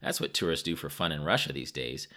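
A man's voice: a bass voice, fast talker, pushed and bright, pitched below the performer's own voice. A man voicing a confident, dismissive young Russian businessman who talks in a cocky, teasing way.

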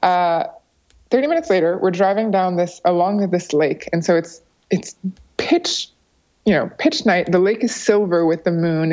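A young woman recounts a trip in an easy, chatty way. She brings the story alive by putting on other people's voices. The recording has a slightly muffled, lo-fi quality. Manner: animated, acts out quoted voices with higher pitch. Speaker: guest storyteller. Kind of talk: casual storytelling. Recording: slightly dull lo-fi sound.

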